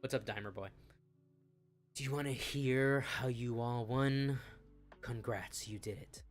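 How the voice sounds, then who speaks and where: A commentary YouTuber reads messages aloud in a mocking way, cursing freely, laughing a lot and staying sarcastic throughout. His mid-range voice moves at a measured pace with long pauses, and soft music plays in the background.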